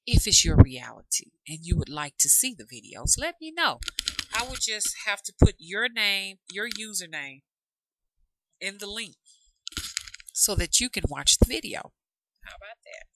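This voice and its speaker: A woman's voice: medium pitch, big pitch swings, moderate pace, a little hiss or hum, rough recording. A woman from Alabama with a Southern drawl, chatting casually and rambling to her channel viewers as its host. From Alabama, USA. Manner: chatty, rambling, calls viewers y'all and love. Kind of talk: casual chat to camera.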